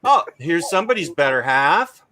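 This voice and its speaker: Bright-voiced livestream host. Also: male voice, on the high side, big pitch swings, normal speed, a little hiss or hum. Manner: rambling, reads chat aloud with filler. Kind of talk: casual livestream chat.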